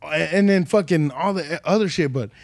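A man's voice: fairly high pitch, moderate pace, creaky, no echo, studio quality. A man hosting a podcast, telling profane stories and acting out the people in them. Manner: profane, animated storytelling, acts out quoted people. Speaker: podcast host. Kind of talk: casual chat.

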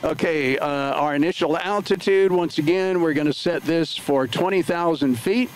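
A man with a fairly high voice at a moderate pace livestreams from his home flight sim setup. He talks casually through each step in a live play-by-play full of filler words, and the rough recording carries a little hiss or hum.

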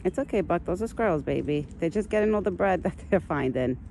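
A woman talks casually outdoors in a foggy forest, her pitch swinging widely as she coos pet talk at an animal. Her voice is mellow and dark in tone. A faint outdoor hiss sits behind her. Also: lively intonation, quick pace, gravelly, rough recording. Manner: chatty, talks to the deer in affectionate pet talk. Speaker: vlogger feeding a wild deer.

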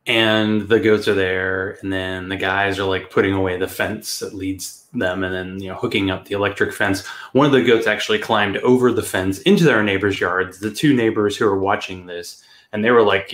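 A man's voice: deep voice, fairly even intonation, normal speed, fairly bright tone, reverberant. A man hosting a podcast, telling a casual, rambling story, swearing and laughing along the way. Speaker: podcast host.

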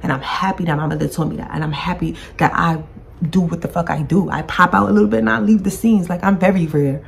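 A woman's voice: on the low side, quick pace, gravelly, a little hiss or hum. A woman hosting her own podcast, speaking to camera in a blunt, emotional monologue, grieving and close to tears, swearing and repeating herself. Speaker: podcast host. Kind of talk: emotional personal vlog monologue. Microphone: talking to her own camera.

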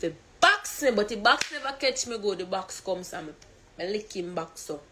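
A woman with a Jamaican accent telling an animated storytime rant, heavy on swearing and patois. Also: mid-range voice, slight background noise.

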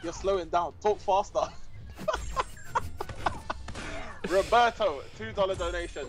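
A man's voice: high voice, unhurried. A man co-hosting a game livestream, reading out donation messages and laughing often between them. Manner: giggly, reads messages aloud between laughs. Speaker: guest co-commentator reading donations. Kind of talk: casual livestream chat.

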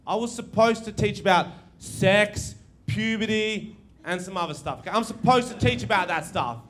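Crude stand-up comedian, high voice. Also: male voice, moderate pace. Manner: crude, animated, acts out quoted voices. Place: live comedy venue with audience. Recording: noisy live room recording.

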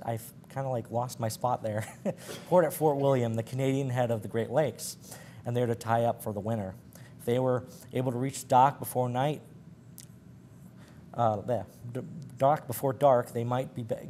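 A man's voice: medium pitch, warm tone, a little hiss or hum. A man presenting a library program, reading sailor yarns aloud with slips and chuckles. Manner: stumbling, laughing at his slips.

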